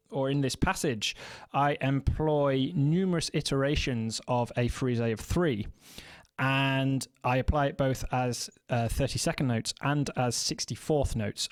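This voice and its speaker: A man teaching percussion, explaining rhythms in a measured, methodical way and counting beats aloud. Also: medium pitch, no echo. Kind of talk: instructional explanation.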